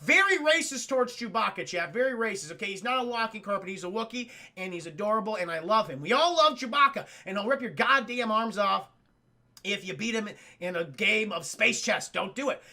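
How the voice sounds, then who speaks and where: High, gravelly, bright-voiced man recapping. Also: a little fast. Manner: animated, profane, jokey. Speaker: streamer. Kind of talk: casual movie recap to a live chat.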